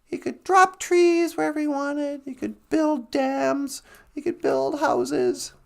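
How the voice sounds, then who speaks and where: A woman storyteller with a high, gravelly voice, telling a folk tale at an unhurried pace. She talks chatty and humorous, like she's chatting with friends. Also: lively intonation. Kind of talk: casual storytelling.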